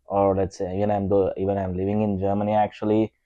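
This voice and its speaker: A young man with an Indian accent talks casually on a couples podcast, his low voice full of pauses and fillers. The sound is dry and a little dull, recorded close with no room around it. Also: completely flat delivery, mellow, no echo. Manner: hesitant, many fillers, self-deprecating. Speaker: podcast co-host. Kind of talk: casual conversation.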